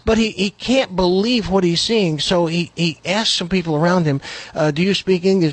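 A man telling a long joke in a casual, animated way, briefly voicing the characters in it. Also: high-pitched, no room sound. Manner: animated, voices the characters in his jokes; lively, quick-paced delivery. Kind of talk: joke storytelling.

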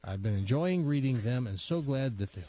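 A man's voice: medium pitch, lively intonation, moderate pace, dark tone. A male host chatting and telling an old joke, rambling with many restarts. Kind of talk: comedic chat and joke telling.

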